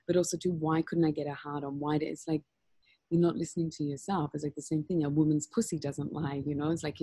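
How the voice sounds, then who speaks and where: A woman talking frankly and openly in an interview, animated and laughing often. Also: low-pitched, breathy edge, no echo. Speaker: interview guest. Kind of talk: candid conversational interview.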